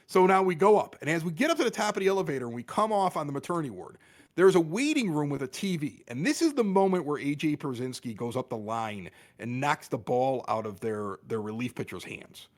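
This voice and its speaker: Middle-aged male podcast guest, animated raconteur, acts out quotes, a touch high-pitched. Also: brisk. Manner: animated, exaggerated quoting of others. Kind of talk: casual storytelling.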